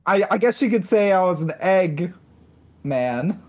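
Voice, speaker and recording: A woman's voice: on the low side, expressive, unhurried, darkish tone. A woman co-hosting a podcast, telling a rambling story in casual chat, full of fillers and restarts. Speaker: podcast co-host.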